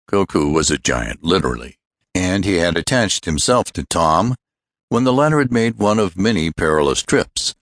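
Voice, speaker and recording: A male audiobook narrator with a very deep voice, reading in a measured storytelling way. The sound is dry and close, with no room around it. He tells the story steadily for young listeners. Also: lively intonation, fairly bright tone, no echo. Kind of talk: scripted narration.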